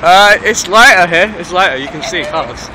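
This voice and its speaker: A man's voice: sits high, expressive, normal speed, a crowd in the background. A teenage young man, filming with a handheld camera and narrating in a casual, giggly way. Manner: giggly, laughing often. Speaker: person filming. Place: outdoors on a city street at night. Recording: noisy street recording with traffic. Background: traffic.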